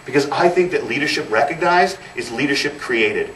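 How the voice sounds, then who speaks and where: A man in his thirties, the guest speaker at an event hall, delivers a motivational talk full of stories and emphatic repetition. His medium-pitched voice is animated and fairly bright, moving at a moderate pace. The distant mic gives a roomy sound with faint noise.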